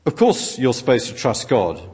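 Husky male preacher in a reverberant hall. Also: mid-range voice, normal speed. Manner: expressive, with dramatic readings of quotations. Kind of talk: sermon with interpretation. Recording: long reverb of a large hall.

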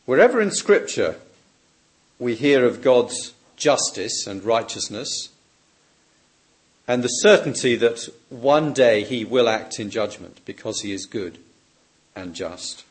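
A man delivering a sermon in a measured, emphatic way. His pitch swings lively across a wide range, climbing on questions and sinking to a soft hush on the words he wants to land. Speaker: preacher.

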